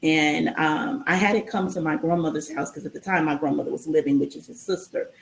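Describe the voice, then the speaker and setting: A woman's voice: low voice, a little fast, creaky, slight background noise. Woman rambling through a story, lots of ums, kinda echoey room. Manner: animated storyteller with frequent ums and restarts. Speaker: guest. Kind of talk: casual storytelling in a live-streamed interview.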